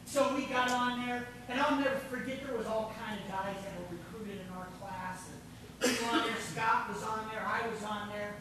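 A man preaches at an ordinary pitch in a folksy, storytelling way, full of asides. He is heard from a distance in a very echoey church, with a faint hiss underneath. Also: normal speed. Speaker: pastor. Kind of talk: sermon. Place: church sanctuary.

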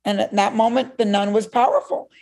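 A middle-aged woman from Cuba, a guest in an interview, telling a personal story in an animated way and acting out what others said. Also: mid-range voice, brisk, vocal fry.

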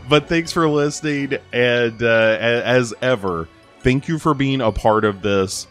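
A man's voice: mid-range voice, measured pace, fairly bright tone, faint music behind. A man hosting a podcast, wrapping up the episode in a chatty way, with many fillers. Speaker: podcast host. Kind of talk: casual podcast outro.

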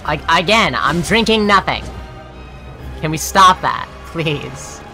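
Over background game music, a woman with a low-pitched voice and lively intonation comments slowly on her own play. She curses in frustration, talks to her viewers, and shouts and shrieks when she dies.

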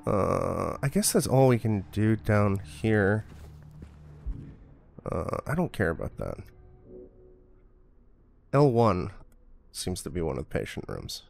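A man's voice: lowish voice, very animated, slow pace, creaky, long pauses, a little mellow, faint music behind. A man giving casual gameplay commentary as a streamer, joking, swearing and muttering to himself. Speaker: game streamer.

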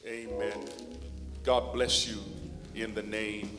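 A man officiating at a church funeral service, announcing the family tributes in a slow, solemn way. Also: lowish voice, little pitch movement. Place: large church hall. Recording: echoey hall with music and congregation. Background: music and congregation.

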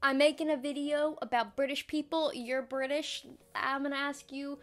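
A woman's voice: sits high, steady tone, normal speed, faint music behind. A young American woman vlogging in a playful, self-mocking, chatty way. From United States. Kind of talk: casual jokey vlog.

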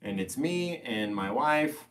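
Lively, soft-spoken male painting instructor. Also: medium pitch, slow. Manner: soft-spoken, bursts into playful loud radio voice. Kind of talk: live painting tutorial.

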